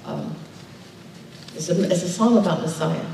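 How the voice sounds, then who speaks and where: A woman's voice: on the low side, normal speed, long pauses, warm tone, a little hiss or hum. Woman preaching in an echoey hall. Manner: emphatic, draws call-and-response from the congregation. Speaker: pastor. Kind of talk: sermon. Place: church sanctuary. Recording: echoey church hall, distant mic.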